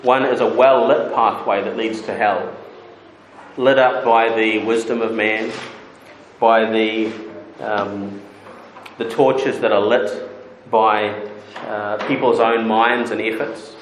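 A man's voice: fairly low pitch, steady tone, takes it slowly, long pauses, echoey room, a little hiss or hum, low-quality recording. A male preacher giving a sermon, explaining a point plainly and then building to rising, insistent rhetorical questions.

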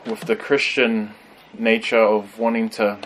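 A man teaching a conversational Bible study, thoughtful and pausing with frequent ums. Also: on the low side, level tone, a little hiss or hum, low-quality recording.

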